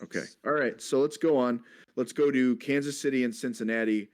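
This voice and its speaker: A man's voice: mid-range voice, fairly even intonation, fairly quick. A man hosting a casual sports betting chat, leading the talk and reeling off statistics. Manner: leads the segment, reels off stats. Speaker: host.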